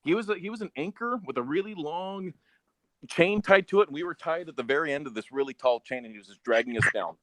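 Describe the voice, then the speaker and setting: A fairly high-voiced man hosting a podcast, talking bluntly and cursing freely. He often repeats the first words of a sentence before getting it out. The sound is dry, with almost no room in it. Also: lively intonation, fast talker, a bit bright, dry recording. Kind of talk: casual podcast chat.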